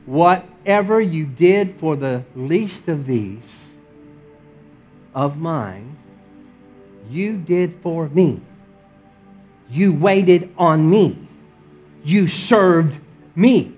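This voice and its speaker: A man voicing a calm, reassuring male teacher in a sermon, speaking slowly and emphatically. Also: high voice, soft background music, voice pushed up.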